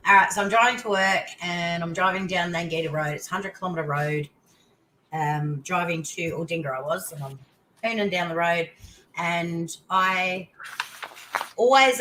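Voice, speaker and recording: An older woman with an Australian accent, a guest on an interview show, telling a personal story in casual chat with excited outbursts. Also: on the low side, a little slow, a little hiss or hum, low-quality recording. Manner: animated storytelling, voice leaping into exclamations.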